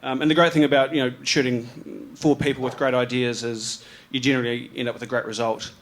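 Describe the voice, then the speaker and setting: A man's voice: mid-range voice, little pitch movement, brisk. Laid-back New Zealand man presenting photos. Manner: rambling and laid-back, many ums and restarts, slangy. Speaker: photographer giving a talk about his slides. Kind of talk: casual live presentation. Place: live event venue with an audience.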